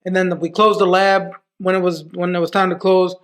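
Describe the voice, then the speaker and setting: A man's voice: sits high, flat delivery, a little fast, fairly bright tone. A man, a podcast guest, telling stories in a loose, profane way full of restarts. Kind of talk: casual storytelling.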